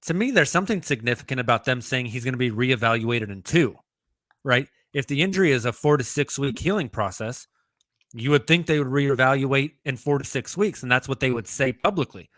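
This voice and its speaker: A man co-hosting a sports podcast in casual chat, thinking out loud as he goes. His voice is bright and forward. The sound is close and dry. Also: mid-range voice, expressive, a little fast, no room sound. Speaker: podcast co-host.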